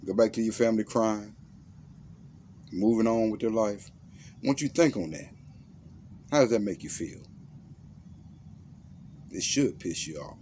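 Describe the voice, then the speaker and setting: A man's voice: on the low side, measured pace, long pauses, mellow, a little hiss or hum. A man giving a blunt, intense monologue that guides the listener through a visualization, using slang and commands. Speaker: motivational self-defense speaker.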